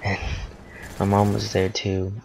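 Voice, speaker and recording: Low gravelly teenage guy telling a story. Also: completely flat delivery, measured pace, a little mellow, slight background noise. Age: teens. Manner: rambling, with frequent fillers and self-corrections. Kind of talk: casual personal storytelling.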